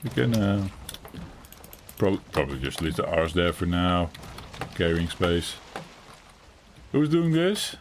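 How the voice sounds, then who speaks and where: Sleepy low-voiced man streaming a game. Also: measured pace, a little hiss or hum. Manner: tired, rambling, laughs often. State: sleepy, yawning. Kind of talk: casual gameplay commentary.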